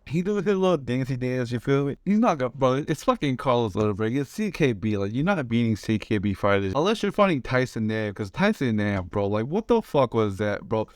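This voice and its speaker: A man's voice: mid-range voice, very animated, fairly quick, hardly any pauses, no room sound. A man giving fight predictions, talking slangy and rambling, swearing a lot and restarting his sentences. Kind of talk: casual chat.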